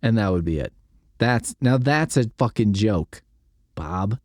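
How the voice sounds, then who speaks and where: A man's voice: on the low side, lively intonation, a little slow, darkish tone, no echo, clean studio sound. A male podcast host reading a silly story aloud and breaking off into sarcastic, incredulous comedic commentary, swearing casually.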